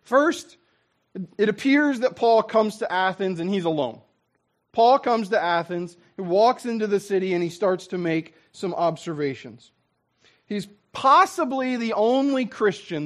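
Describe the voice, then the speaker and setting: Here a man whose voice sits high delivers a sermon as a pastor, animated and chatty, performing other people's words as he goes.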